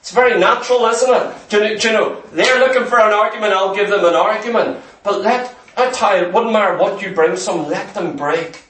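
A man preaching a sermon earnestly, sometimes dropping to a hushed, tender voice. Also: high voice, a little fast, few pauses, reverberant, far from the mic, poor audio.

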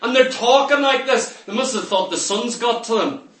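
A man's voice: extremely high pitch, normal speed, a bit bright. A man preaching a sermon in an emphatic, storytelling way, sometimes acting out the people in the story. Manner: emphatic, storytelling, acts out quoted lines. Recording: roomy echo, from far off the mic.

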